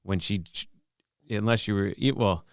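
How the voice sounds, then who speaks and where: Man, podcast co-host, deep gravelly voice, laid-back storyteller, dry sound. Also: normal speed, no room sound. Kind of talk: casual chat.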